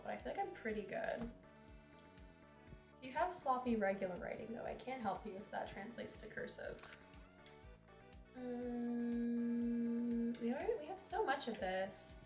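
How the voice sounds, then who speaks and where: A woman's voice: fairly high pitch, reverberant. A young woman streamer chatting casually and giggling while she plays a game. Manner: chatty, giggly, reads game lines aloud. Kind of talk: casual chat while playing.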